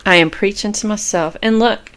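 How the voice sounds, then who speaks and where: A woman's voice: medium pitch, moderate pace, a bit bright, a little hiss or hum. Fervent woman tarot reader preaching. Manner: fervent, repetitive and profane, preaching to viewers. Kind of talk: impassioned motivational monologue.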